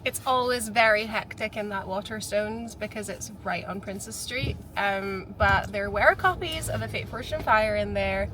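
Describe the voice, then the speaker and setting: A woman's voice: medium pitch, a little slow, hardly any pauses. A woman from Scotland, an author chatting in a casual vlog with a bubbly, chatty manner, recorded on a handheld camera. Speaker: author and vlogger. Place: city streets and a car. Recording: loud street and traffic noise.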